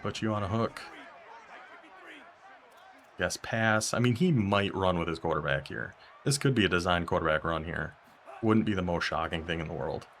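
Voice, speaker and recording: A man's voice: deep voice, slight background noise. Man giving play-by-play commentary on his own game. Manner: talks to himself while playing, quick bursts of excitement and frustration. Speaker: gaming YouTuber. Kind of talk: live gameplay commentary.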